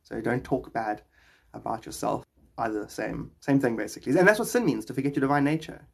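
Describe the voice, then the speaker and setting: A man's voice: medium pitch, lively intonation, a little fast, gravelly, slightly rough. A man hosting a live stream, answering viewer questions in a rambling, playful spiritual chat and laughing often.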